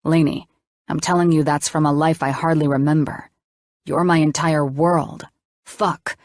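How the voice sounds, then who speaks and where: A woman's voice: low-pitched, fairly even intonation, a little slow, a little mellow, no echo, clean studio sound. A woman voicing a young male doctor in an audiobook, defensive and swearing as he argues with his lover. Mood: heated. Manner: swearing, pleading.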